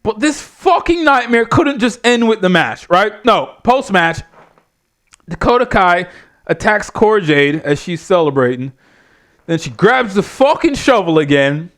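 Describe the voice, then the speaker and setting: A man's voice: high-pitched, sing-song, a little slow, fairly bright tone. A man reviewing a wrestling show in a blunt, exasperated rant full of swearing. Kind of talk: profane ranting review.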